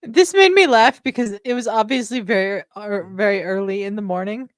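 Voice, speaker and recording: A woman's voice: medium pitch, fairly quick, no room sound. Woman chiming in with dry asides. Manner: brief agreeing replies and dry remarks. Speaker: podcast co-host. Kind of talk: casual chat.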